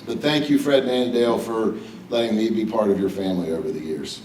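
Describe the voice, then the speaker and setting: A man's voice: on the low side, quick pace, darkish tone, recorded from a distance, a little hiss or hum. A middle-aged man from West Virginia giving a personal, joking hall of fame acceptance speech at a podium. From West Virginia, USA. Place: banquet hall with audience. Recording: echoey hall, speaker a bit off mic.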